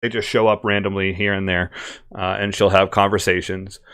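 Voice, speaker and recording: A man's voice: low voice, level tone, fairly quick, a bit bright, clear, resonant tone. A man running a tabletop game, brainstorming characters and places in casual chat, laughing often and restarting his sentences. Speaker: game master.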